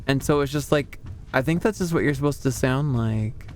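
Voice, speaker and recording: A man's voice: mid-range voice, moderate pace, soft background music. A man streaming as a VTuber, talking casually with chat in a rambling way full of fillers. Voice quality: smooth. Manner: rambling, chatty, lots of fillers.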